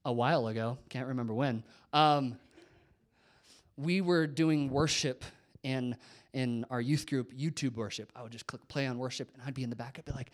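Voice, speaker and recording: At a normal speed and medium pitch, this young youth pastor tells an animated story about his faith. Quoted lines come out in a whisper, and he laughs at himself along the way.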